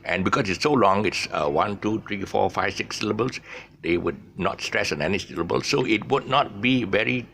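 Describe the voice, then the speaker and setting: Rambling man with a gravelly voice. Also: on the low side, normal speed, fairly bright tone, slight background noise. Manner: rambling, many fillers and restarts. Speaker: English teacher. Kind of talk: casual spoken English lesson.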